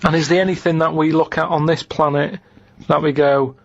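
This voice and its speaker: A man speaking in a deadpan, puzzled tone, with blunt questions in casual podcast chat. His voice sits a little high. The recording is dull and lo-fi. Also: brisk, creaky. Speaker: co-host.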